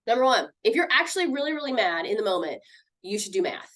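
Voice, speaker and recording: A woman's voice: on the high side, quick pace. A woman teaching a mindfulness lesson on handling anger, talking casually and acting out what friends might say. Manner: lively, conversational, acts out quoted friends.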